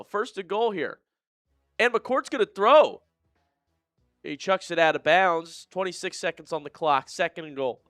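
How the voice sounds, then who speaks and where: Male fan streamer, smooth resonant voice on a dry close sound, excitable play-by-play that swings into disgusted muttering. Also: normal speed, no echo, soft background music. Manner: excitable, swinging between shouted calls and low disgusted muttering. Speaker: fan watch-party streamer. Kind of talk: live play-by-play fan commentary.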